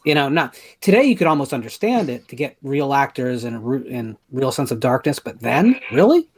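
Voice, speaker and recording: Husky-voiced man gushing about a show. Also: mid-range voice, a little fast. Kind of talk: casual movie commentary.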